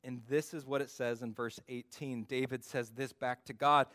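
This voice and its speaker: A man preaching a sermon to his church, acting out the voices he quotes with big swings in pitch and loudness. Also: fairly even intonation, moderate pace. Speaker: pastor.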